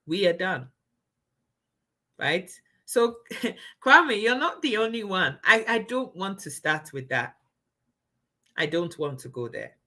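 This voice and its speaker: A woman's voice: on the low side, sing-song, slow pace, long pauses, sharp tone. A woman from Ghana, hosting a live stream and speaking bluntly and emphatically to viewers. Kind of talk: candid live stream talk.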